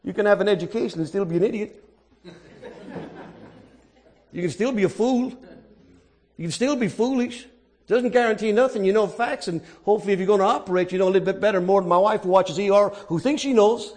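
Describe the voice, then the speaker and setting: A man's voice: sits high, brisk, long pauses, darkish tone. A middle-aged man preaching a sermon with earnest emphasis, stretching key words as he makes his point. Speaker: pastor.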